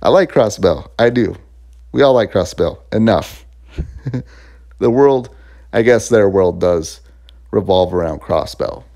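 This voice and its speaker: Low-voiced man chatting through a review. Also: lively intonation, unhurried, creaky, pauses often, warm tone. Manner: rambling and chatty, laughs often, fillers and restarts. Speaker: game reviewer. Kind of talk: casual spoken game review.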